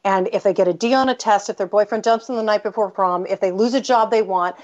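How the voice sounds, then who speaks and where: A middle-aged American woman, an author appearing as a guest, tells a personal story in an interview, speaking quickly at medium pitch with a darkish tone. She is candid and emphatic, often breaking off and restarting her sentences. The audio is dull and lo-fi.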